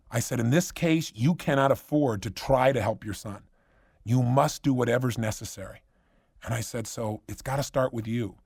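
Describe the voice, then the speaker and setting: A man telling a story at a motivational seminar, acting out the dialogue with animated emphasis. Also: medium pitch, moderate pace, vocal fry, slightly rough, no echo, clean studio sound. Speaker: motivational speaker.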